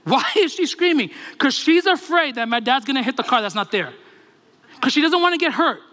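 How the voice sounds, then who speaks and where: A male pastor preaching a sermon, animated and humorous, telling stories to his congregation. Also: very high-pitched, a little fast, long reverb tail.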